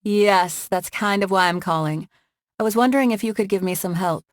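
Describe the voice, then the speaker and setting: A woman voicing a sharp, practical young heroine in an audiobook, speaking dry and matter-of-fact. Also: medium pitch, moderate pace, no echo, natural voice.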